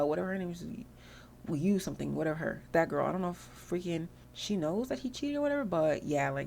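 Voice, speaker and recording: A woman rambles through casual commentary over her gameplay, chatty and full of filler words. Her voice sits fairly low and carries a gravelly fry. A faint hum runs underneath. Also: darkish tone. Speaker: gaming channel host.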